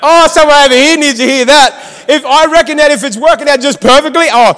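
A man's voice: very high-pitched, fairly quick, sharp tone, in a large hall. A man preaching a sermon in a church, fired up and exhortative, calling out to the congregation. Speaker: pastor.

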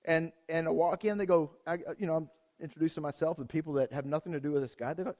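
A male pastor delivers a loose, conversational sermon with a slightly raised pitch. He speaks straight to the congregation with plenty of energy, doubling back on words and restarting phrases as he goes. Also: fairly even intonation, fast, darkish tone. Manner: addresses the congregation directly.

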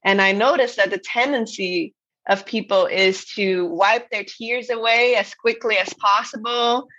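A woman's voice: medium pitch, fairly even intonation, measured pace, fairly bright tone, muffled recording. A woman guest who teaches voice work, talking earnestly and expressively in an interview, with many fillers and restarts. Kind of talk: conversational interview.

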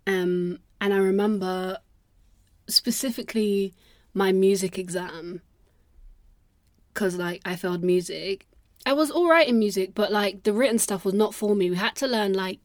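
A woman's voice: mid-range voice, darkish tone, no echo, studio quality. A young woman hosting a solo podcast, chatting casually in a rambling, self-deprecating way with plenty of swearing. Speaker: podcast host.

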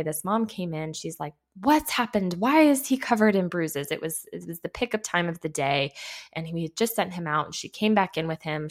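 A young adult woman, a behavior analyst hosting a podcast, tells a candid story in a chatty, self-deprecating way and laughs as she talks. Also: on the low side.

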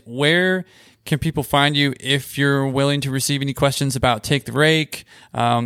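A man hosting a casual podcast interview from a lodge bar booth, easygoing and quick to chime in. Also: mid-range voice, vocal fry, a bit bright, clear, resonant tone, dry recording, studio quality. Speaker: podcast host.

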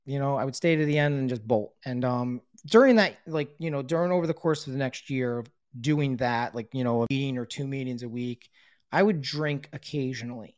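A middle-aged man tells his story in a relaxed, conversational way, swearing freely and slipping into the voices of the people he quotes. His pitch sits in an ordinary male middle range. The sound is close and dry, with almost no room around him. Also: brisk, no room sound. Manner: blunt, swears often, acts out quoted dialogue. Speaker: podcast guest telling his recovery story. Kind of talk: casual storytelling.

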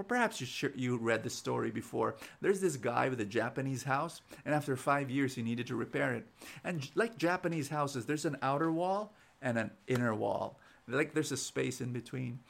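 A man's voice: fairly high pitch, creaky, fairly bright tone. A man, preaching an inspirational sermon and telling stories, often repeating words as he starts sentences. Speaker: preacher and show host.

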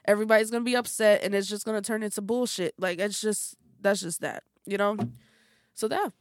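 A woman's voice: medium pitch, fairly even intonation, brisk, no room sound, studio quality. Blunt, candid woman podcast host. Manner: candid and blunt, swears freely. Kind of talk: casual podcast chat.

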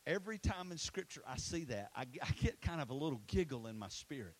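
A man preaching an energetic sermon, telling stories and chatting with the crowd, swinging from loud and animated to hushed and intimate. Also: a little high, quick pace, rough recording. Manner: storytelling, conversational asides to the crowd. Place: school facility used for a church launch.

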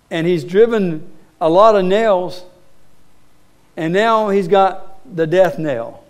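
A pastor preaching a sermon, earnest and emphatic, asking his congregation rhetorical questions and pausing for weight. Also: high voice. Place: church sanctuary.

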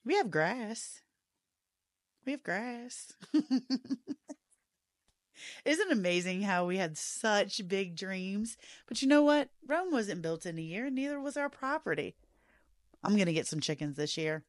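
A woman's voice: medium pitch, a little slow, long pauses, no echo. Lady podcasting, chatty and laughing, dry close sound. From rural American South. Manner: chatty, laughing, animated retelling of dialogue. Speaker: podcast host. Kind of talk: casual storytelling monologue.

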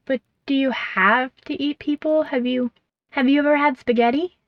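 Woman doing a squeaky timid little mouse. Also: steady tone, moderate pace, no room sound. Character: small timid mouse, lonely, self-doubting. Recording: dull, dry recording.

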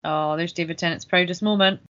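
A woman's voice: lowish voice, fairly even intonation, fairly bright tone, no echo. A woman hosting a podcast, chatting casually and wryly while watching along. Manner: chatty, quick asides, wry. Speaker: podcast host. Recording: dull lo-fi sound.

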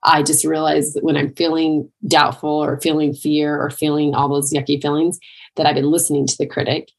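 Middle-aged woman coach, low husky voice with some fry, chatty motivational talk. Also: little pitch movement, a little fast. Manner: conversational, with many "like" and "right?" asides. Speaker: triathlon and life coach. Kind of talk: motivational monologue.

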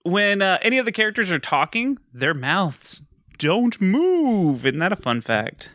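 A man's voice: high voice, sing-song, a little slow, a bit bright, no room sound, studio quality. A man co-hosting a casual podcast, rambling and swearing with lots of fillers. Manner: rambling, profane, with frequent fillers and laughs. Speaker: podcast co-host.

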